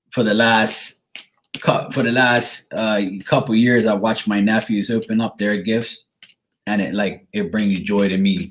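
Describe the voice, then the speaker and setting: A man's voice: fairly low pitch, low-quality recording. A man from Bermuda, a tarot reader chatting casually and rambling with lots of fillers. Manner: rambling, filler-heavy, laid-back. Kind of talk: casual livestream chat.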